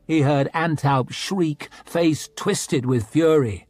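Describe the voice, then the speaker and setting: A man reading a fantasy audiobook in a slow, measured, dramatic way. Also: medium pitch, a little mellow, dry recording. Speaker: audiobook narrator. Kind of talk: scripted audiobook narration.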